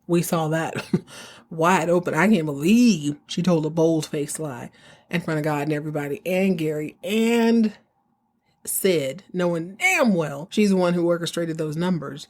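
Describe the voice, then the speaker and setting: A woman hosting a podcast, casually recapping a TV episode in an animated, slangy way and acting out the characters. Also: low voice, measured pace. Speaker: podcast host.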